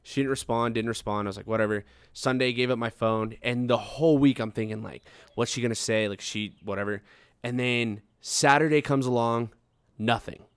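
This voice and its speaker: A man's voice: mid-range voice, moderate pace, clean tone, dry recording. A young man telling a long story in casual podcast chat, swearing freely and acting out how he reacted back then. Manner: swears often, acts out his own past reactions.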